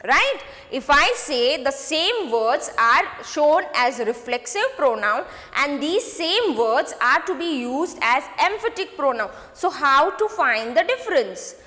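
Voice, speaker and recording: A woman teaching a grade six grammar lesson, repeating points slowly and checking in with students. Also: high voice, big pitch swings, pushed and bright, in a large hall. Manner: slow, repetitive, addresses students with "okay?" checks.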